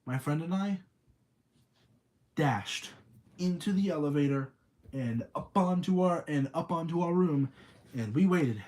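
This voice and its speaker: A man's voice: a little high, darkish tone. A young man rambling through a casual spooky story on a livestream, reading chat aloud between thoughts. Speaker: streamer.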